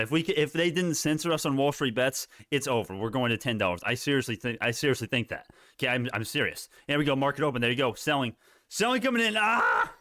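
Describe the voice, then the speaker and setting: A man giving live stock market commentary, excitable and hyped, laughing often and swearing casually. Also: mid-range voice, no echo, studio quality.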